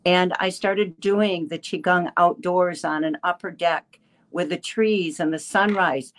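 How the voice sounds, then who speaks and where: Woman in her seventies, slow halting talk, lowish voice, a little emotional. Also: steady tone. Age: 70s. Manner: halting, many restarts and fillers. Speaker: caller sharing a testimonial. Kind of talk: emotional personal testimony.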